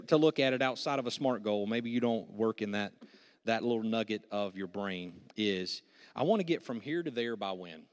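A male pastor delivering a sermon with energetic, joking delivery and prompts to the congregation. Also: mid-range voice. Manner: energetic, jokey preaching with audience prompts. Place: church sanctuary. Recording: church hall with long reverb.

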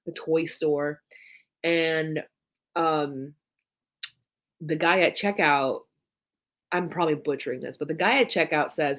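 A woman co-hosts a podcast in a low-pitched voice, speaking slowly with long pauses. In casual chat she tells animated stories and swears freely.

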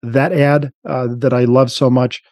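A man chats casually on a podcast in a mellow, relaxed voice. He rambles and restarts his sentences often, and the recording is dry and close. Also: mid-range voice, a little slow, no room sound. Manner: rambling, frequent restarts and fillers. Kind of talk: casual chat.

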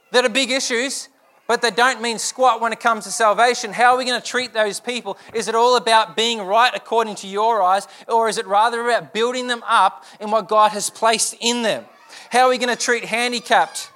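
Pressing his message through a string of earnest rhetorical questions, a young pastor delivers a sermon. His voice is high-pitched and bright.

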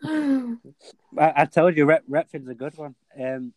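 A man co-hosting a podcast chat in a relaxed way, asking questions with pauses and fillers. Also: fairly high pitch, dry recording.

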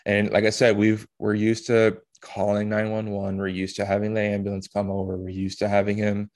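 A man hosting a podcast, telling a personal story in an emotional, halting way with blunt swearing. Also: fairly low pitch, completely flat delivery, a little mellow. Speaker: podcast host.

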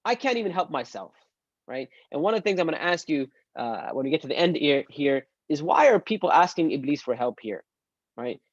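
A male Islamic teacher giving an online religious lesson, animated and acting out quoted speech. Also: a little high, fairly quick, no echo, lo-fi sound.

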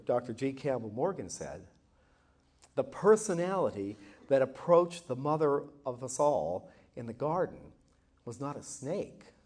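A man teaching a Bible class lesson, telling the story expressively and slowing down to act out quoted lines. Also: medium pitch, a little mellow, husky. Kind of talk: Bible class lesson with acted scripture reading.

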